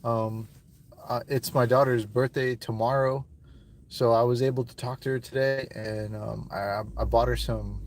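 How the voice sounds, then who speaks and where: Man near tears, halting and profane. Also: mid-range voice, steady tone. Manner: halting, repeats words, heavy swearing. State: emotional, near tears, voice dropping. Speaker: interviewee.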